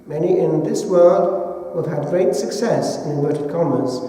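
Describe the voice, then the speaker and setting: A man from England, a priest delivering a sermon in a measured, deliberate way with long pauses. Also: a little high, dark tone. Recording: echoey church hall from far off.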